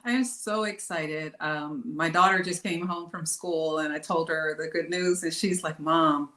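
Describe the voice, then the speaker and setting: A woman speaking as a guest author on a video call, bubbly and grateful and quick to laugh. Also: low voice, steady tone, a bit bright, echoey room. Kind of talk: casual chat on a video call.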